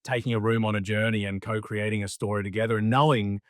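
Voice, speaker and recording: A man's voice: on the low side, fairly even intonation, fast talker, no room sound, studio quality. A young adult man, a speaker and coach, talking as a podcast guest in a reflective, earnest way and often restarting his phrases. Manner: reflective, earnest, repeats himself while thinking. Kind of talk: conversational interview.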